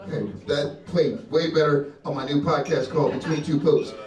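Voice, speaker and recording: Doing stand-up at a comedy club, a young man is crude and brash, chuckling at his jokes and working the room. His voice sits a little high and a little mellow, with fairly even intonation at normal speed. It's captured from afar in a live, roomy space with the crowd audible.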